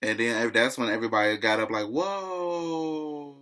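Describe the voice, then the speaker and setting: A man's voice: lowish voice, completely flat delivery, rapid-fire, sharp tone. A man casually recapping a reality TV episode in a chatty, gossipy way, often calling the listener "child".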